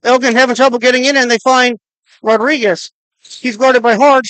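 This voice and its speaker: Quick clipped hoops play-by-play, smooth clear voice, dry close sound. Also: high-pitched, fairly even intonation, fairly bright tone, dry recording, low-quality recording. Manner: rapid clipped calls of each pass and shot; counts down the clock aloud. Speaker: play-by-play announcer. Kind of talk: high school basketball radio play-by-play.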